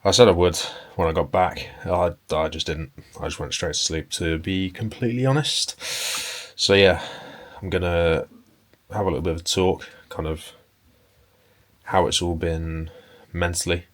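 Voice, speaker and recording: A young man chatting casually to camera in a relaxed, rambling way, with fillers and some swearing. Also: deep voice, normal speed. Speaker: bodybuilding vlogger and personal trainer. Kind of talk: casual vlog chat to camera. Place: indoors at home and in a parked car.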